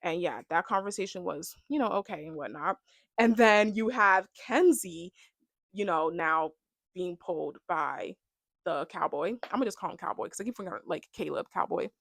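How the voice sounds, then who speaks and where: A woman's voice: on the low side, expressive, moderate pace, gravelly, fairly bright tone, no echo, studio quality. A young woman giving a casual, rambling recap of a reality show, filling her talk with "like" and "you know.". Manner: chatty, rambling, heavy use of "like". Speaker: reality TV reaction vlogger.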